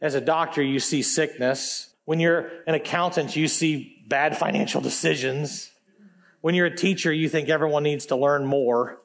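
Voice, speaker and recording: A man's voice: a little high, fairly even intonation, moderate pace. A man in his forties, a pastor preaching a sermon on stage in a church, reading scripture aloud and adding emphatic, conversational asides. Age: 40s.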